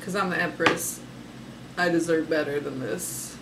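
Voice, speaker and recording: A woman's voice: low-pitched, a little slow, noisy background. A woman giving a casual, sassy tarot reading, talking emphatically and laughing often. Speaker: tarot reader.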